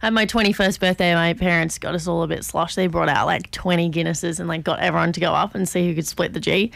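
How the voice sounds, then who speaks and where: A bubbly young woman co-hosting on radio, laughing often as she chats. Her voice carries a gravelly fry, recorded dry and close in the studio. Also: on the low side, steady tone, fast talker, fairly bright tone, dry recording. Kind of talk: casual studio chat.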